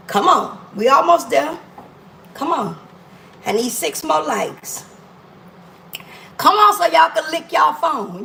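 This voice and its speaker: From her home kitchen in Miami, a woman hosts a casual cooking livestream, talking into her phone and playfully teasing her viewers in a drawling African American Vernacular style. Her voice sits high and gravelly with a fairly bright tone. The audio is poor, with a little hiss or hum.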